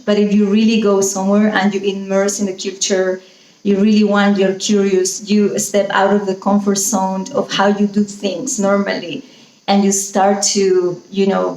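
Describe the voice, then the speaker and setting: A woman's voice: mid-range voice, darkish tone, reverberant, low-quality recording. A woman with a Spanish accent, a native Spanish speaker, teaching English pronunciation in an enthusiastic, rambling way with many fillers. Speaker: pronunciation coach. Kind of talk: teaching monologue.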